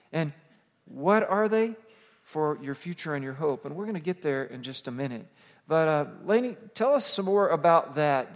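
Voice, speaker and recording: A man preaching as a pastor, emphatic and slowing down to stress key words. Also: on the high side. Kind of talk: sermon. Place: church sanctuary. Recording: long hall reverb.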